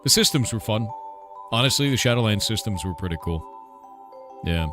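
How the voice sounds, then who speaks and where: A man's voice: lowish voice, animated, normal speed, music in the background. A man who is a game developer, chatting casually on a livestream Q&A, blunt and profane, with lots of filler words.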